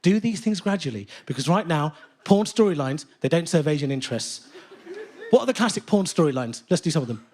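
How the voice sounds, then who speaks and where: A man in his late thirties performing a brash, animated stand-up set on a theatre stage. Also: fairly high pitch, a little fast. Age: late 30s. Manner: animated, brash, swings between voices. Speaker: stand-up comedian.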